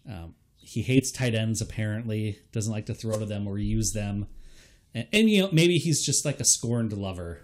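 A young man in casual podcast chat, analyzing fantasy football with relaxed fillers and hedges. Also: lowish voice, normal speed.

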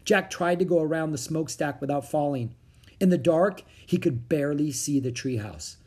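Husky voice, children's book narration, steady storytelling, mid pitch. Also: normal speed. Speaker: audiobook reader.

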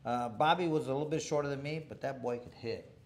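A middle-aged former boxer tells a boxing story in a casual interview, his medium-pitched voice moving at a quick pace. He rambles, restarts often, and chuckles along the way.

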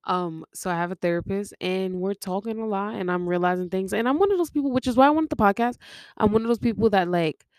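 In a clean, echo-free studio recording, a young podcast host rambles through a personal story, hopping between tangents and laughing a lot in a casual confessional style. Her mid-range voice is smooth and somewhat dark, and she speaks quickly.

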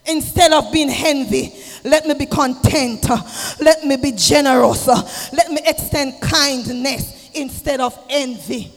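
A man preaching an impassioned sermon, swinging from shouted exhortation to low, intimate asides. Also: takes it slowly. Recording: long hall reverb with music behind.

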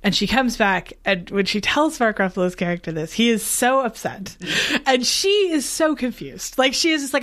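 Woman on a movie podcast, higher voice that bounces around a lot, super candid. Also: normal speed. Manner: candid, confessional, animated. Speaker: podcast co-host. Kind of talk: casual film discussion.

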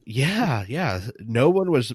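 A man's voice: medium pitch, sing-song, takes it slowly, darkish tone, husky, no echo, studio quality. A man co-hosting a podcast in casual chat, swearing freely and poking fun at himself. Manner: profane, self-deprecating. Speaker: podcast co-host.

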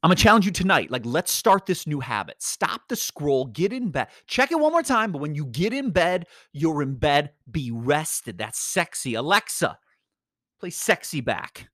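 A man hosting a podcast, giving an energetic, rambling motivational talk full of slang. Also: on the high side, normal speed, no echo, studio quality. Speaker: podcast host. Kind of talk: casual motivational monologue.

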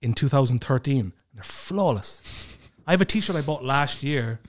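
A man's voice: mid-range voice, animated, normal speed, slight background noise. A man co-hosting a podcast, telling rambling stories in casual chat, swearing and joking often. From foreign to where he lives. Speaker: podcast co-host.

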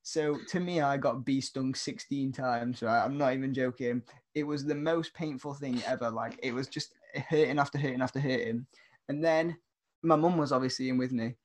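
A man's voice: medium pitch, moderate pace. A young man, co-hosting a podcast and telling a story in casual chat, laughing often and using lots of fillers. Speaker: podcast co-host.

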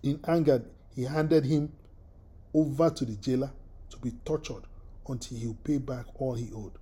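Halting husky preacher. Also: medium pitch, dark tone. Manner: halting, repeats words, asks the listeners questions; often clears throat. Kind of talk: sermon.

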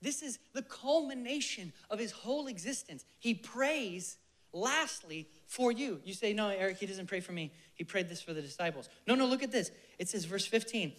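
His voice somewhat higher and lively in intonation, a preacher delivers a sermon brimming with fervent conviction. He hammers points with loud emphatic bursts, then drops to a breathy, soft near-whisper, and guides prayer in slow, reverent phrases.

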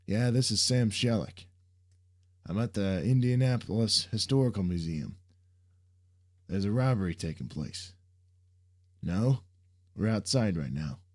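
A man's voice: on the low side, lively intonation, unhurried, long pauses, a little mellow, voice pushed up. A man voicing a laid-back, reluctant young man who banters sardonically. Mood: wry.

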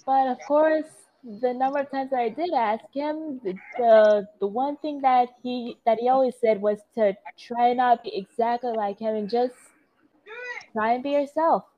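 A woman's voice: fairly high pitch, a little slow, pitched above the performer's own voice, close to an everyday voice. A woman voicing an unsure, friendly teenage girl. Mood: earnest. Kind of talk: improvised fan role-play. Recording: dull lo-fi sound.

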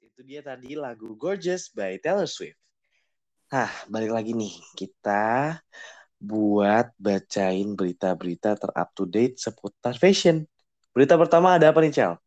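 A man's voice: on the low side, expressive, moderate pace, a little mellow, highs cut off. A young man co-hosting a radio show, introducing segments and chatting in a laid-back, casual way. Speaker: radio co-host.

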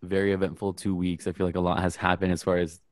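A man's voice: low-pitched, quick pace, slight background noise. A young man co-hosting a casual podcast, telling a story with lots of profanity and acting out the people he quotes. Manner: animated, profane, acts out quotes. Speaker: podcast co-host.

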